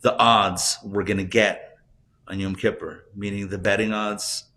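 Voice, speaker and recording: A man, a rabbi, teaching a live class and telling jokes, talking in a conversational way, asking the audience questions and getting loud and animated when he makes a point. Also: on the low side, unhurried, background noise. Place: classroom or synagogue hall, recorded live.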